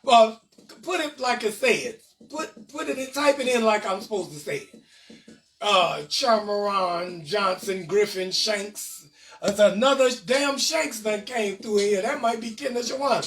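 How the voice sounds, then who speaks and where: High-voiced man roasting viewers live. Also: unhurried. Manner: loud, teasing, roasting viewers' names. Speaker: host. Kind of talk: live-stream comedy banter. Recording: echoey room, far mic, faint music.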